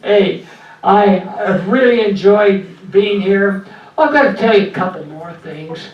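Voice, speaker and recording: An older man doing stand-up in a small club, with a weak, breathy voice after voice surgery and slow deadpan one-liners. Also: high voice, dull audio. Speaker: stand-up comedian. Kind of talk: stand-up set. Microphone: handheld mic through a loud PA. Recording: echoey club recorded from far off.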